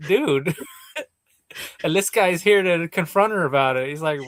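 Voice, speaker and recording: A man's voice: fairly high pitch, lively intonation, a little slow, pauses often, a bit bright, no echo. A man co-hosting a comic book podcast, laid-back and casual, laughing often. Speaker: podcast co-host. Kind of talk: casual chat.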